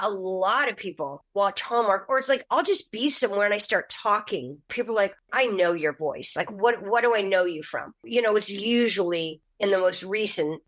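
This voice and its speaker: A middle-aged woman, a guest actress, telling stories in a casual podcast chat, animated and jumping into high voices for quotes.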